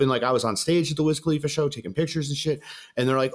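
A man's voice: mid-range voice, fast. A young man in casual chat, telling a story with lots of slang and acting out each side of it. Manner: animated, acts out both sides of the story with slang.

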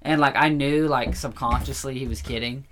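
Young guy with a bright voice, laid back storytelling, lots of laughing and cussing. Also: medium pitch, fairly even intonation, moderate pace, a little hiss or hum. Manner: loose storytelling, laughs a lot, swears. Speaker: guest, pro kickboxer. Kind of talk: casual podcast chat.

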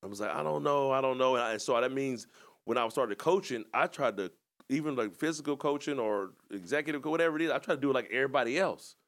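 A man's voice: medium pitch, expressive, quick pace, fairly bright tone. A man co-hosting a podcast, telling his story in a casual, rambling, reflective way. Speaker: podcast co-host and coach.

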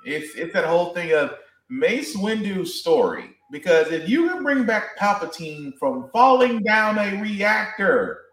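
A man co-hosting a podcast, chatting casually and telling his points with emphatic, animated delivery. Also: high-pitched, a little slow, roomy sound. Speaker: podcast co-host. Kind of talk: casual chat.

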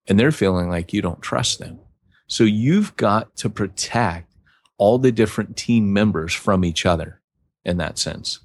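A man's voice: on the low side, moderate pace. A man co-hosting a podcast, chatting in a rambling way with restarts and acted-out quotes. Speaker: podcast co-host. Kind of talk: conversational podcast talk.

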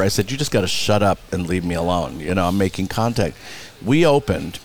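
A man being interviewed, telling theater anecdotes in a blunt, animated way, acting out other people's lines and swearing freely. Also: deep voice, fairly quick, a little hiss or hum. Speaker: Broadway producer and director, guest. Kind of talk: casual interview storytelling.

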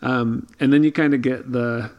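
A man's voice: mid-range voice, fairly even intonation, normal speed, muffled recording. A man co-hosting a casual Bible study podcast, explaining thoughtfully with frequent ums and restarts. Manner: thoughtful, many fillers and restarts. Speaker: podcast co-host.

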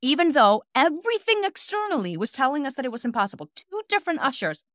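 A woman's voice: sits high, fast, dry recording. Chatty woman podcast host, dry sound. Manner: animated, acts out quotes in her stories. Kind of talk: casual conversational storytelling.

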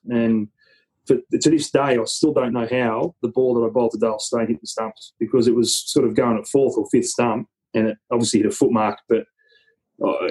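A man's voice: on the low side, a little mellow, slightly rough, poor audio. An Australian man, an interview guest, telling a story in a casual, rambling way with many restarts.

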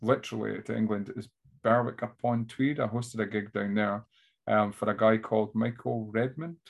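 A man with an Aberdonian Scottish accent, a stand-up comedian telling animated stories as an interview guest. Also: lowish voice, normal speed, creaky. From Scotland. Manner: animated storyteller who slips into voices. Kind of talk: casual interview chat.

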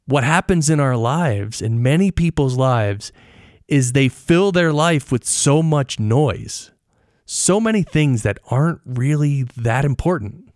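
A middle-aged man who is a podcast host and audio engineer talks casually on his solo show, explaining things and asking listeners questions. His mid-range voice is animated yet a little mellow and slow, recorded close to the mic in a treated home studio with no echo.

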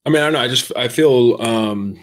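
A man in a casual chat, talking candidly and excitably, swearing casually. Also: mid-range voice, a little fast.

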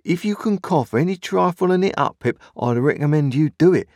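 A man voicing a gentle, simple-spoken working man who talks earnestly and confidentially in rustic speech. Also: a little high, animated, a little slow, dry recording, clean studio sound, voice pushed up. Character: gentle, simple-spoken village blacksmith Joe.

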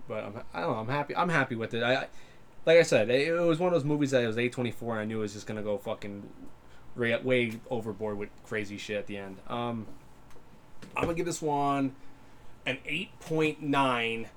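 A man's voice: medium pitch, a little hiss or hum. A man in casual profane podcast chat, telling loose stories with frequent laughs. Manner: laughing, loose storytelling, heavy swearing.

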